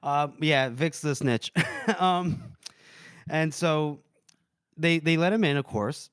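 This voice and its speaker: A man's voice: on the high side, slow pace, clear, resonant tone, no room sound, clean studio sound. A man co-hosting a book podcast, retelling scenes casually and acting out characters' lines. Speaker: podcast co-host.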